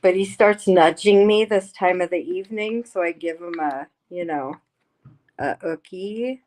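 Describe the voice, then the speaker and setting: A woman's voice: on the low side, unhurried, darkish tone. A woman hosting a casual livestream, reading the chat aloud and talking bluntly with plenty of swearing. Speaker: livestream host. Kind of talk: casual live-stream chat. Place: home.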